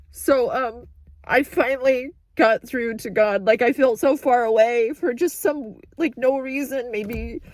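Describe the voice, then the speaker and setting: Teary woman talking into her phone, kinda high voice, keeps stopping and restarting, dry close sound. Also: a little mellow, dry recording. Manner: halting, restarting sentences, overwhelmed. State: tearful, crying. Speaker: vlogger. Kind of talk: emotional personal update. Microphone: phone held in hand.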